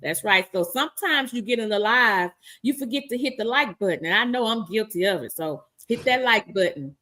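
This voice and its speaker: On a live-streamed talk show, this female co-host has a somewhat high voice and talks a little fast. Full of energy, she laughs frequently and reads the chat out loud, offering warm hellos to viewers.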